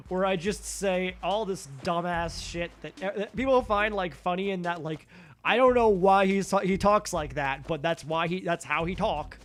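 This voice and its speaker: A tired, yawning man rambles through casual gameplay commentary on a stream, goofy and profane and mostly talking to himself. His voice is high-pitched and a little slow.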